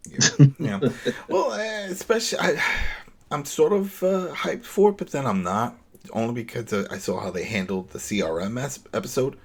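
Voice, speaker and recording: A man's voice: mid-range voice, expressive, moderate pace, vocal fry. A man co-hosting a podcast, chatting casually and animatedly as he recaps scenes, laughing and tossing out rhetorical questions. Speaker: podcast co-host. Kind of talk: casual episode recap chat.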